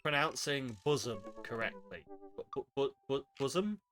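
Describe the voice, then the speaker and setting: A man's voice: mid-range voice, lively intonation, normal speed, a bit bright, faint music behind. A man streaming a game, reading its lines aloud and reacting with wry, sarcastic asides. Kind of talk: casual commentary while reading a game aloud.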